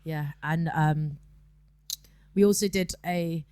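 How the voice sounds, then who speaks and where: A woman's voice: deep voice, slow, darkish tone, clean tone, no echo. A woman guest DJ chatting casually on a podcast, filling her talk with ums and repeated yeahs.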